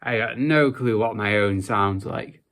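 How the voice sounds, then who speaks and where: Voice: medium pitch, measured pace, fairly bright tone. A sleep-deprived young adult vlogger talking in a casual, rambling way, mumbling at times and then perking up in sudden bursts.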